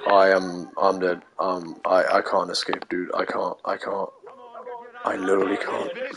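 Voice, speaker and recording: A man giving live gameplay commentary, panicky, repeating short phrases over and over and dropping to a hushed mutter while he sneaks. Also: deep voice, little pitch movement, unhurried, a crowd in the background. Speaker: gamer playing a stealth game.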